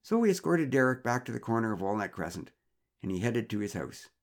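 A man calmly narrating a first-person story in a measured, wry way. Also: mid-range voice.

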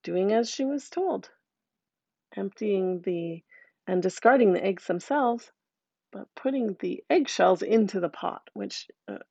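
A woman telling a folktale aloud in a lively, conversational way with asides to listeners. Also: medium pitch, a little slow, vocal fry, no echo, muffled recording. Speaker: storyteller.

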